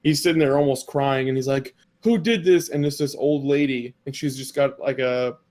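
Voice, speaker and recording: A man's voice: mid-range voice, flat delivery, a little fast, darkish tone. Rambling man retelling an anime episode. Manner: rambling, filler-heavy storytelling with quoted dialogue. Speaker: podcast co-host. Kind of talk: casual chat recapping an anime episode.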